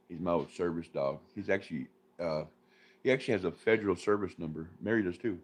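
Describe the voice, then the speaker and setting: A man's voice: deep voice, brisk. A man hosting a livestream, ranting in an irritated, profane way and chatting casually with his viewers and dogs. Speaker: livestream host.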